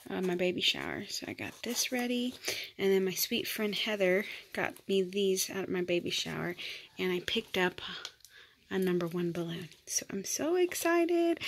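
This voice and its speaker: A woman's voice: mid-range voice, gravelly, a bit bright. A young mother, chatting casually and switching into sing-song baby talk to her infant at home. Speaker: vlogger mother. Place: home, indoors.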